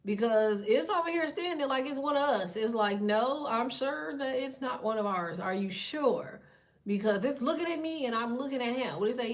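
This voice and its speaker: A woman giving a casual tarot reading, talking bluntly with heavy profanity and a preachy edge. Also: fairly high pitch. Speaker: tarot reader.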